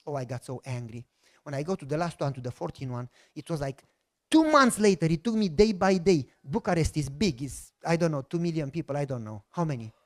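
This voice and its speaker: A middle-aged pastor with a Romanian accent shares a personal testimony during a sermon, acting out the voices of the people in his story. He's an animated storyteller with a fairly high-pitched voice and a brisk delivery.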